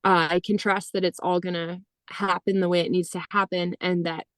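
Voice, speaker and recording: A woman in her thirties telling a personal story in conversation, animated, quoting herself and others and saying "like" often. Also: fairly low pitch, normal speed, dry recording. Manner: animated, heavy use of "like", acts out quoted dialogue. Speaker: podcast guest.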